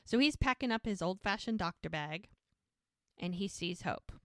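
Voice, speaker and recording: A woman's voice: medium pitch, lively intonation, normal speed, no echo, clean studio sound. A woman co-hosting a podcast, chattily retelling a TV episode with lots of fillers and feeling. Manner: chatty storyteller, emotional, many fillers. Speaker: podcast co-host. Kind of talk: casual chat recapping a TV episode.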